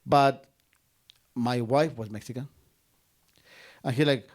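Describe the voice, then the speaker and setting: A man's voice: mid-range voice, normal speed, long pauses. A man from Guatemala, telling a personal story on stage and acting out both sides of a conversation.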